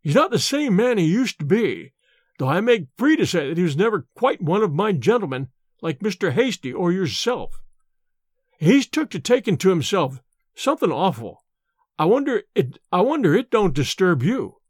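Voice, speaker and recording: A man's voice: high voice, very animated, moderate pace, husky, dry recording, clean studio sound, full character voice. A man voicing a little wrinkled old manservant who is fretful and gossipy, talking with rustic grammar and nervous deference. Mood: anxious, confiding.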